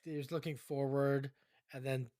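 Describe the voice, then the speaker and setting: A man's voice: mid-range voice, level tone, moderate pace, warm tone, dry recording. A man co-hosting a casual movie podcast, enthusiastic and heavy on fillers while he recalls film facts. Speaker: podcast co-host.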